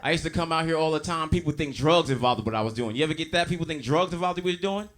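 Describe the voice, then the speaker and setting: High, bright-voiced male stand-up comic. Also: animated, racing. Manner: loud, crowd-working, acts out characters. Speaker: stand-up comedian. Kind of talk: stand-up comedy set. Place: comedy stage before a live audience.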